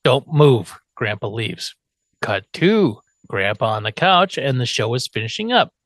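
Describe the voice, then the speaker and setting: A man's voice: medium pitch, unhurried, no room sound. A man hosting a podcast, recapping a TV episode in casual chat with wry asides. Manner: animated, wry asides, laughs often. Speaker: podcast host.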